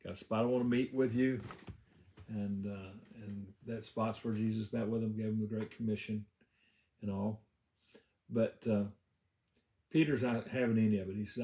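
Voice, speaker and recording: Male pastor, low and warm, easy conversational Bible teaching full of "uh"s, roomy echo. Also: steady tone, normal speed, creaky. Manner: conversational, with frequent "uh" fillers and restarts. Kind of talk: casual devotional Bible teaching.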